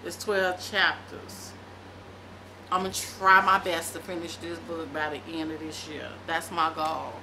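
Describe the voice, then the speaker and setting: A middle-aged woman vlogging, chatting casually and reading aloud from a book, with animated, loose storytelling. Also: low-pitched, unhurried, noisy background.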